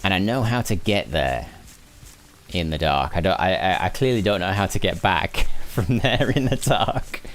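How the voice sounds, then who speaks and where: A man's voice: deep voice, animated, normal speed, a bit bright. A man from Lancashire with a mixed northern English accent, thinking aloud and chatting with viewers during live gameplay commentary. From Lancashire, England. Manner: musing aloud, chatting with viewers while playing. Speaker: gaming streamer.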